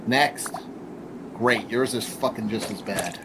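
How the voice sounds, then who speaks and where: A man's voice: fairly low pitch, takes it slowly, background noise. A man streaming live reaction commentary, swearing and mocking the people on screen in a combative way.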